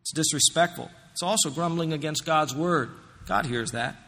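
A man's voice: fairly high pitch, normal speed, a bit bright. A male pastor preaching a Bible-teaching sermon in a church, conversational and emphatic, often using rhetorical questions. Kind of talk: expository sermon. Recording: long hall reverb.

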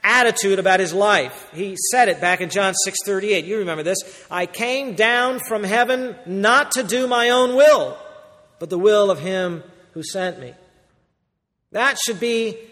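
Pastor, male, high voice, emphatic sermon delivery, long hall reverb. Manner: emphatic, swings between loud and quiet.

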